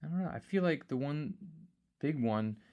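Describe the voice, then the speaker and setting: A man's voice: on the high side, lively intonation, normal speed, a little mellow, highs cut off. A man co-hosting a podcast in casual chat, rambling and searching for words as he talks through his thoughts. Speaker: podcast co-host.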